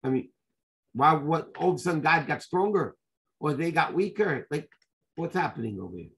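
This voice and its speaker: Rabbi guy teaching torah, kinda high voice, tells the story fast with lots of "okay?" and hebrew words. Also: creaky. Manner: animated storytelling with rhetorical questions; sprinkles Hebrew and Yiddish terms. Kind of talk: Torah class.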